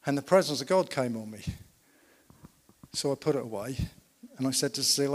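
A man's voice: mid-range voice, brisk. A man preaching a sermon. He tells stories emphatically and asks the congregation rhetorical questions. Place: church. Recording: long reverb of a church hall.

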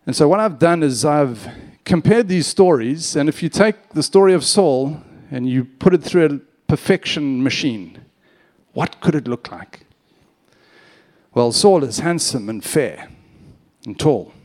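A man's voice: fairly high pitch, a little slow. A man preaching a sermon, opening with a cheeky personal story and acting out the voices in it. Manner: animated storyteller, acts out quotes, cheeky humor. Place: church.

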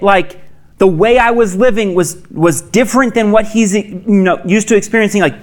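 Earnest higher-voiced male pastor. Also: expressive. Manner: conversational, earnest, with quick asides and restarts. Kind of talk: sermon.

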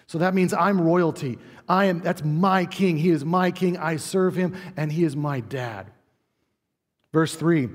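A man preaching a sermon to his congregation, earnest, speeding up and then dropping low and quiet to drive points home. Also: measured pace. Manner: earnest, varies pace and volume, drops low for emphasis. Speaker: pastor. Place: church sanctuary. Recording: long hall reverb.

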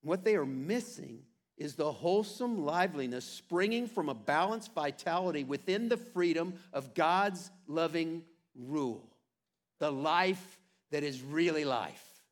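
A pastor preaching a sermon to his church with earnest, animated delivery and playful asides. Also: on the high side, measured pace. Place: church sanctuary.

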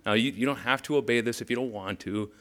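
A man's voice: medium pitch, fast talker, a bit bright. A man teaching as a pastor in a casual devotional style, conversational with urgent emphatic bursts when he reads Scripture.

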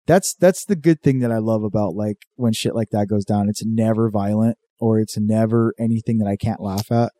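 A man in casual, crude chat, swearing often and jumping into high mock voices. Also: normal speed, few pauses, mellow, dry recording. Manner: swears a lot, acts out cholo voices in high bursts.

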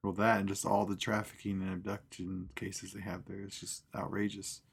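A man's voice: low-pitched, completely flat delivery, moderate pace, creaky, husky. A man co-hosting a podcast, talking in a blunt, offhand way. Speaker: podcast co-host. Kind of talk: casual chat.

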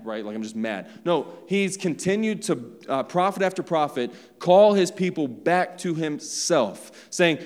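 A man's voice: high-pitched, animated, normal speed, few pauses, a little mellow. A young man preaching a sermon to his church in a loose, conversational way, tossing in "right?" and "like" as he goes. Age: young adult. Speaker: pastor. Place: church sanctuary. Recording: long reverb of a large hall.

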